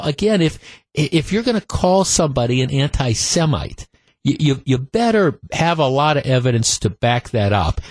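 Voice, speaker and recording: A man hosting a political talk radio show, speaking with many halting restarts into a studio microphone. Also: mid-range voice, no room sound.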